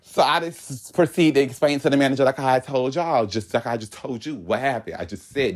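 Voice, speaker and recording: A young man telling a work story in a casual, animated way, swearing often and acting out what people said. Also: medium pitch, a little fast, hardly any pauses. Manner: animated, profane storytelling with acted quotes.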